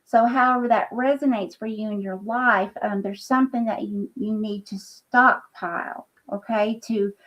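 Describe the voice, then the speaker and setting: A woman giving an earnest, halting psychic reading on a live stream, full of fillers and check-ins. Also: mid-range voice, fairly even intonation, a bit bright, poor audio. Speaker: psychic reader using scrying.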